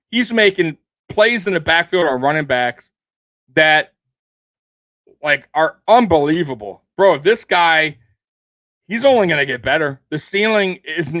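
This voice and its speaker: A man's voice: on the high side, fairly bright tone, no echo. A young man in a casual sports rant, heated and profane, rambling and restarting his sentences as he talks. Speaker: sports podcast host.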